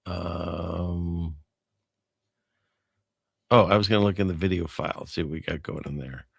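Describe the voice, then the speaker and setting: A man's voice: deep voice, a little slow, gravelly, no echo, studio quality. A man hosting a show in casual livestream chat, rambling and chuckling as he talks to his wife off-mic. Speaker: host.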